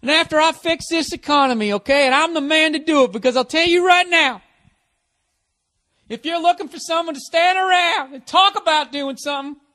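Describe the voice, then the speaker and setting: A man voicing a boastful, macho male presidential candidate in a loud stump-speech bluster. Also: very high-pitched, a little fast, pitched above the performer's own voice.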